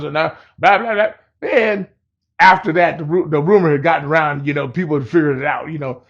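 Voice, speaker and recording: A man telling a story to camera in a rambling, laid-back way, full of slang and "you know", sometimes loudly acting out what others said. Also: a little high, quick pace, creaky, highs cut off.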